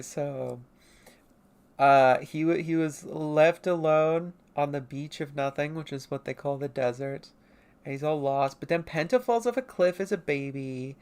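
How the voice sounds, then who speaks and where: A woman streamer casually talking through her own comic pages in a self-mocking, giggly, rambling way. Her voice sits low. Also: creaky, darkish tone, clean tone. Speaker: artist streaming.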